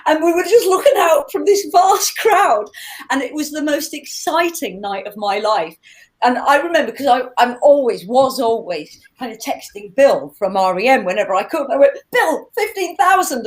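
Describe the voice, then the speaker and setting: A woman in her sixties, a singer chatting casually through a fan Q&A, lively and laughing as she tells stories. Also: on the high side, rough recording. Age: 60s. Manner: chatty, animated and laughing when telling stories. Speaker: singer hosting a live Q&A. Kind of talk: casual chat answering fan questions.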